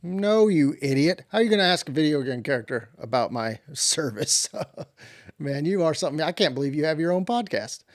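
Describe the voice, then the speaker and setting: A man's voice: fairly high pitch, expressive, brisk, natural voice. A man voicing a boastful, touchy cowboy who tells tall tales of his military service in a rambling, put-on accent. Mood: indignant. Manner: rambling, swaggering bravado.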